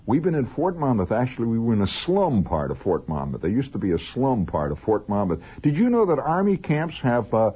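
A man's voice: medium pitch, huge pitch swings, breathy edge. A man telling a long, digressive, humorous story in a rambling radio monologue. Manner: digressive, humorous, drawn-out asides. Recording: narrow lo-fi old radio recording.

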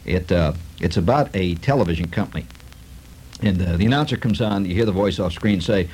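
A man's voice: sits low, a little fast, slightly rough, rough recording. A man in a comic monologue, telling stories with sarcasm and lots of fillers. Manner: animated, sarcastic storytelling with many fillers.

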